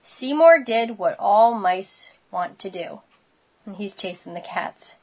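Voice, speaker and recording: A woman reading a children's story aloud with gentle, measured narration. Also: medium pitch, lively intonation. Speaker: storybook reader.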